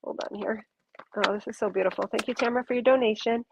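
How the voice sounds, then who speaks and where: A woman's voice: a little high, steady tone, fast, creaky, slight background noise. A woman giving a live intuitive reading to a viewer, earnest and gushing, rambling through restarts. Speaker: intuitive reader.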